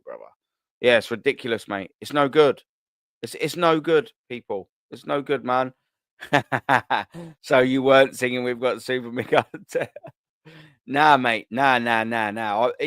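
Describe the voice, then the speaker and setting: A man's voice: medium pitch, fairly bright tone, clear, resonant tone, no echo, clean studio sound. A young man hosting a casual live-stream chat, slangy and repetitive, swearing and circling back on his phrases.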